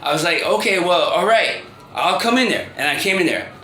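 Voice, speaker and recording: Bright-voiced man in his thirties, rambling. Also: sits high, animated. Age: 30s. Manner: rambling, halting, with many restarts and fillers. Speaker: vlogger. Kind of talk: confessional monologue to camera. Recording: roomy echo with faint ambient noise.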